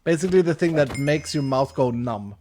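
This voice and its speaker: A man's voice: medium pitch, a little fast. A man in his thirties from Sweden, speaking English as he animatedly tells a story while gaming on a live stream. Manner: animated, with restarts and laughter.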